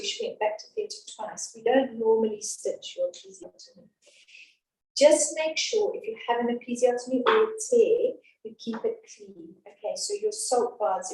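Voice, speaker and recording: A woman's voice: a little high, mellow. Chatty woman teaching a baby class, roomy and distant. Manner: chatty, reassuring, down-to-earth. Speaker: antenatal class educator. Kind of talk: informal class talk. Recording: echoey room from a distance.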